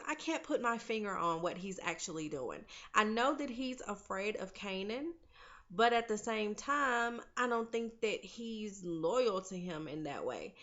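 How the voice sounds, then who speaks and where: On a lo-fi recording, a woman with a medium-pitched, bright, forceful voice casually recaps a TV episode. She's talkative and full of opinions, speaking straight to her viewers as "y'all" and "honey."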